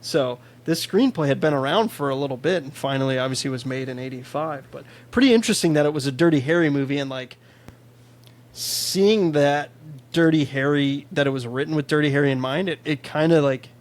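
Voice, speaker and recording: Casual higher-voiced man reviewing films. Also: fairly quick. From Chicago. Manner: relaxed, swears casually, reads out film trivia. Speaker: podcast co-host. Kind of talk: casual film review chat.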